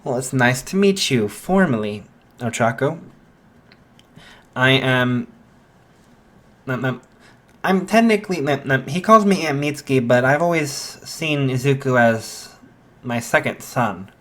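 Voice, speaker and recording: A man voicing a warm, motherly woman in a read-aloud fan story, apologetic and halting, with many fillers. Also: mid-range voice, animated. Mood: flustered.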